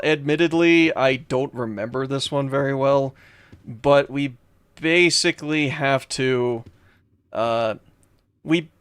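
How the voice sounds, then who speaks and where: Young male streamer, mid-pitch, rambles casually between puzzles, reads chat aloud. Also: fairly bright tone, clean tone, no echo. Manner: rambling, with frequent fillers and restarts. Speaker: let's play streamer. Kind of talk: casual gameplay commentary reading chat.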